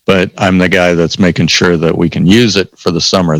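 A man telling stories in a casual chat, animated, acting out both sides of the conversations. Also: low voice, brisk, vocal fry, hardly any pauses, dry recording. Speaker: podcast host telling stories. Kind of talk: casual storytelling.

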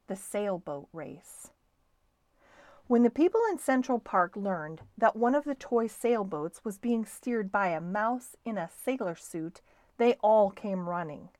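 A woman hosting a bedtime story show, reading a children's book aloud in a lively, expressive way. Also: medium pitch, no room sound. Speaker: storyteller, podcast host.

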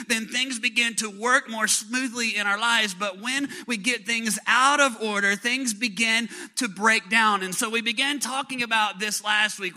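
A man preaching a sermon to a congregation, animated and playful, acting out little scenes and leading call-and-response. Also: high voice. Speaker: pastor.

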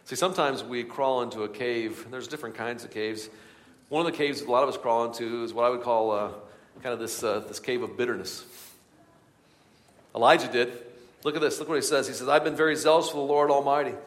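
A man preaching a sermon in a church, swinging from hushed tones to loud, urgent passages. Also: mid-range voice, a little fast. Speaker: pastor. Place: church sanctuary. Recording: long hall reverb.

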